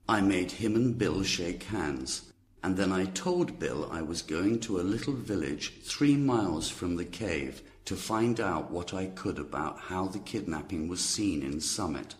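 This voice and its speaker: Deep-voiced man narrating a story. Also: animated, unhurried, a little hiss or hum. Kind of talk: audiobook story narration for learners.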